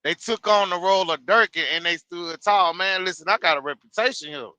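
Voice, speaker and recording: Bright, high-voiced, slangy sports-talk man. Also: fairly quick, no room sound. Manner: animated, slangy storytelling. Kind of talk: casual sports reaction chat.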